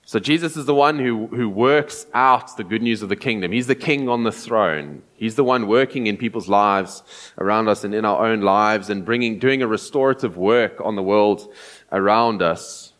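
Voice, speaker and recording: A man preaching an earnest, explanatory sermon, often pausing and restarting as he thinks. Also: lowish voice, a bit bright.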